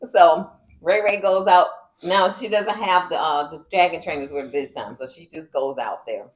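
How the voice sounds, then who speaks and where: A woman co-hosting a comedic TV recap, telling the story in a joking, animated way. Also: fairly low pitch, normal speed. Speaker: co-host.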